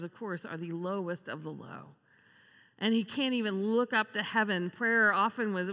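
A woman delivers a sermon in a bright, clear voice, slipping into the voices of the people she quotes. Her speech rings out with a long reverb, as in a large hall. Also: medium pitch. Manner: expressive, acts out quoted voices with laughs. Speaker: preacher.

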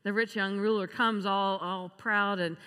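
Bright-voiced woman preaching in a hall. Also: mid-range voice, a little slow, clean tone. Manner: expressive, acts out quoted voices with laughs. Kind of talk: sermon. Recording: long reverb of a large hall.

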